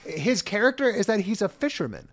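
Animated, profane comedy podcast guy. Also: high-pitched, fairly quick. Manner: profane, emphatic, laughs while talking. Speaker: podcast co-host. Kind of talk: casual comedic chat.

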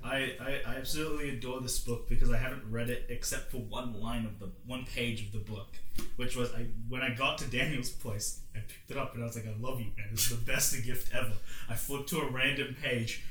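A young man chats on a podcast with a bright, forceful voice, excitable and quick to swear. The room around him is echoey, with a faint hum of ambience behind. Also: medium pitch. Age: young adult. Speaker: podcast host. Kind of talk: casual chat.

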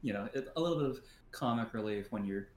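A man's voice: fairly low pitch, expressive, reverberant. A man co-hosting a podcast in casual chat, stumbling and restarting often, swearing freely and laughing. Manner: halting, many restarts and stumbles. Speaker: podcast co-host.

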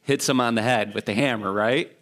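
A man's voice: mid-range voice, fairly quick, fairly bright tone. Pastor guy preaching, chatty and storytelling, restarts a lot. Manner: conversational, storytelling with restarts and asides. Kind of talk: sermon.

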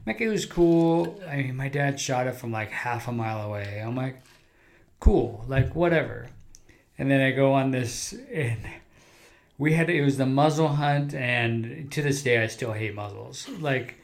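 Chill guy podcasting, average pitch, laughs a lot while he talks, says like constantly. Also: unhurried, creaky. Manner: easygoing, laughs while talking, lots of "like". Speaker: podcast co-host. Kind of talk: casual chat.

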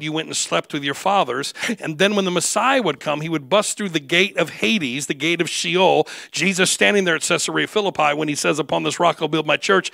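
A man preaching an animated sermon with humor, acting out the voices of figures he quotes. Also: fairly high pitch, creaky, dry recording. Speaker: guest preacher.

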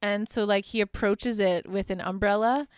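A woman's voice: medium pitch, steady tone, normal speed, smooth, no room sound, clean studio sound. A woman hosting a podcast and recapping a movie in a casual, sarcastic way. She says "like" constantly and swears freely. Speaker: podcast host.

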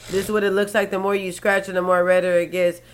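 A laid-back woman chatting casually. She chimes in with short remarks and easy laughter, and her voice sits at an ordinary middle pitch. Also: level tone, fast talker, crowd noise. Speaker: podcast co-host. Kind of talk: casual chat.

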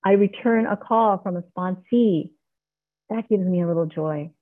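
A woman's voice: fairly low pitch, a little slow. A middle-aged woman giving an earnest, heartfelt personal share as a member of a recovery meeting, speaking on a video call. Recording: tinny online call audio.

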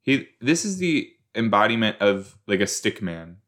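A man's voice: fairly low pitch, sing-song, normal speed, fairly bright tone. A man hosting a casual watch-along, chatting through an episode with rambling, self-deprecating asides. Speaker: reaction podcast host. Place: southern Minnesota.

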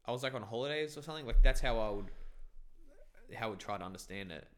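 A man's voice: mid-range voice, animated, fast talker, fairly bright tone. A young man from Bangladesh telling a long, rambling story in casual chat, swearing and filling with "like" and "bro". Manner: rambling, profane storytelling with many fillers.

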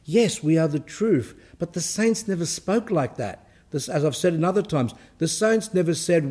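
A man delivers a sermon to his congregation in a fairly high voice. He speaks emphatically, repeating key phrases and laying out his points one by one. He drops in an occasional Greek church word while he explains. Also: expressive, moderate pace, hardly any pauses, a little mellow, husky. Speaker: Orthodox preacher. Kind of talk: sermon teaching.

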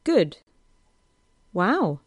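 Woman reading as a teasing young man, eager and breathless, slow steady delivery, dry close sound. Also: mid-range voice, breathy edge, no room sound, exaggerated voice. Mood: flustered.

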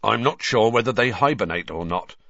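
Hagrid, hearty gamekeeper. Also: male voice, fairly low pitch, lively intonation, brisk, vocal fry, a bit bright, no echo, heavily acted. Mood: cheerful. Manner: homely rustic speech. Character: huge gentle half-giant gamekeeper, man. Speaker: teacher of magical creatures. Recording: dry, slightly dull studio recording.

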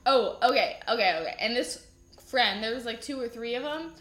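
A young woman with a fairly high voice chats casually with her co-host, dropping in swears and quick agreement. Her voice echoes in a roomy space. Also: animated, a bit bright. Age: young adult. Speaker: podcast co-host. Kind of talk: casual storytelling chat.

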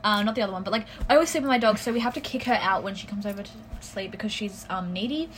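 A woman's voice: mid-range voice, rapid-fire, slight background noise, low-quality recording. A young woman co-hosting a casual podcast chat, rambling through stories, swearing often and laughing as she talks. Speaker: podcast co-host.

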